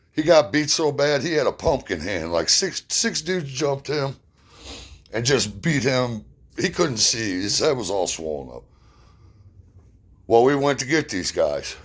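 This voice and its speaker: A man telling personal stories in a blunt, plain-spoken way, with emphatic retelling. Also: medium pitch. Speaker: storyteller. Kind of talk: personal storytelling.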